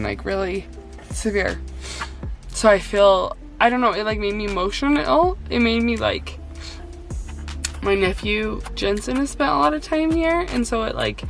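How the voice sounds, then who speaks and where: Nervous, chatty young mom vlogging. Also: female voice, on the high side, gravelly. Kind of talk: casual vlog. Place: car and hospital waiting room.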